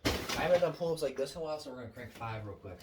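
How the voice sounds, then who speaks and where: A man's voice: mid-range voice, lively intonation, very fast, noisy background. A young man giving a casual, earnest motivational talk to camera, rambling and preachy as he reads out quotes. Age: young adult. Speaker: motivational vlogger.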